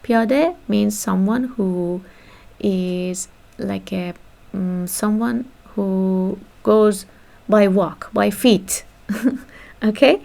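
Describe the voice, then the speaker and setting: A woman teaching a beginner language lesson, reading story lines quickly and then patiently explaining each word. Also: medium pitch, creaky, dark tone.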